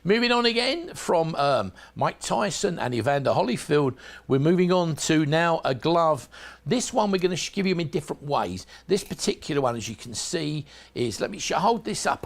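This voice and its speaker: A man's voice: on the high side, very animated, normal speed, gravelly. Chatty South London shopping-channel man. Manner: chatty, salesy, addresses viewers directly. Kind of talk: home shopping sales pitch.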